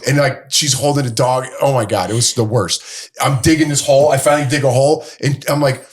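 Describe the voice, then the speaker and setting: A man in his thirties co-hosting a casual podcast chat, telling a story and acting out the quoted lines. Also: brisk. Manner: animated storyteller, acts out quotes in a higher voice. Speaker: podcast co-host.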